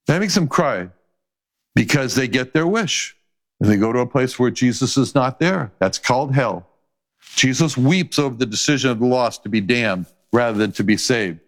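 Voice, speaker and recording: A man preaching a sermon, emphatic and repetitive, rising to high passionate pleas and reading scripture aloud. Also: animated, moderate pace. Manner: quotes old-style scripture wording aloud.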